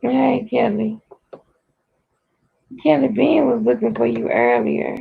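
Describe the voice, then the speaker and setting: A livestream host with a raspy voice, chatting casually with viewers and playfully scolding them over and over. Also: mid-range voice, wildly swooping pitch, takes it slowly. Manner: playful mock-scolding, repetitive. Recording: tinny phone-like audio.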